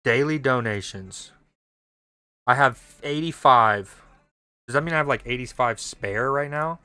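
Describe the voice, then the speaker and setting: A man's voice: mid-range voice, unhurried, pushed and bright, clean tone, no room sound. A young man streaming a mobile game, chatting casually and joking with his viewers as he plays. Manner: playful, jokey, reads chat aloud. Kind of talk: casual gaming stream chat.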